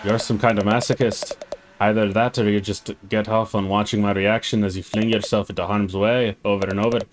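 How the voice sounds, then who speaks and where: A man's voice: on the low side, flat delivery, brisk, a little hiss or hum, natural voice. A man voicing a gloomy, self-pitying male crab drifter in a mock Scottish sailor accent, melodramatic. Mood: scornful.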